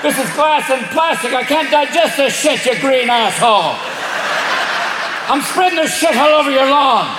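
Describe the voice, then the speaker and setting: A man's voice: extremely high pitch, animated, normal speed, background noise, pitched above the performer's own voice. A comedian on stage voicing a brash, foul-mouthed male raccoon with an Irish accent. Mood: indignant. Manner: foul-mouthed, aggrieved, cocky. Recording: live hall echo, loud crowd.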